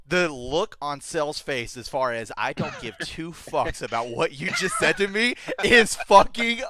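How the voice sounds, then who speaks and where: A man's voice: a little high, expressive, normal speed, hardly any pauses, sharp tone, no echo. A young man co-hosting a podcast, chatting casually, swearing a lot and acting out scenes in silly voices. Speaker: podcast co-host. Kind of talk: casual chat.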